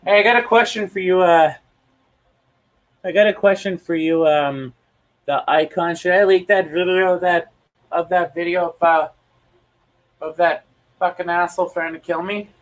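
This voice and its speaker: A man's voice: high-pitched, steady tone, moderate pace, pauses often, recorded from a distance, poor audio. A young man ranting heatedly at home, swearing a lot and repeating himself as he livestreams. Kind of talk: angry profane rant.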